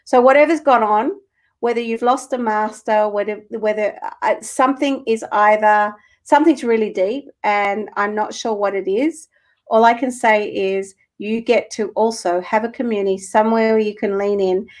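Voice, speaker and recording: A woman's voice: medium pitch, steady tone, moderate pace. A woman co-hosting a live stream and reading spiritual cards for viewers, earnest and emotional with the odd swear.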